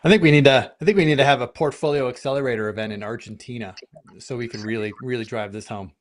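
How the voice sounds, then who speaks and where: A man's voice: mid-range voice, fast. A middle-aged man from Buffalo, an options trader co-hosting a market show, rambling and teasing with many restarts. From Buffalo, USA. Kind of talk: casual market talk show chat.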